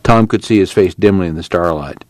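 A man reading a novel aloud as an audiobook narrator, slow and measured. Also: low-pitched, a little mellow, no echo. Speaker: audiobook reader. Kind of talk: scripted narration with character voices.

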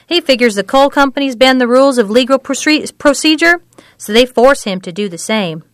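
An actress voicing an earnest, measured woman who tells of a family's troubles. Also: high voice, animated, dry recording, studio quality. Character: woman, an older local who runs a clinic.

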